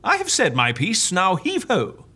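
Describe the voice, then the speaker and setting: An actor playing a boisterous office colleague who talks in theatrical pirate slang, with a bright, husky voice. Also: mid-range voice, wildly swooping pitch, unhurried, exaggerated voice. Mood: hearty piratical.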